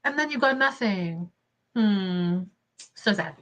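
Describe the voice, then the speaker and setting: A young woman hosting casual livestream commentary, expressive and indignant, laughing often between points. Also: mid-range voice, takes it slowly. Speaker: commentary channel host.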